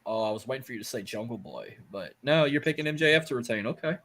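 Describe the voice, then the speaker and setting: A man's voice: mid-range voice, animated, fast, fairly bright tone. A man hosting a casual wrestling podcast who jokes, swears and rambles. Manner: joking, profane, rambling. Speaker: podcast host.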